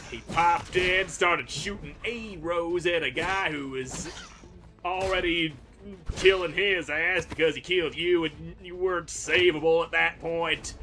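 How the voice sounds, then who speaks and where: A man giving crude, sarcastic commentary while playing a video game, trash-talking the enemies he fights. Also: a little high. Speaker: gaming channel host. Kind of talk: gameplay commentary.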